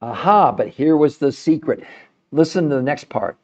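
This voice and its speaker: An older man with a fairly high voice leads a live stream for his viewers, pushing hard on every point and leaping up in pitch to stress a word. The audio sounds dull and lo-fi, like a muffled stream feed. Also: animated, normal speed, a little mellow. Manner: emphatic, salesy, pitch jumps high for emphasis. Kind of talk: live-stream talk to a chat audience.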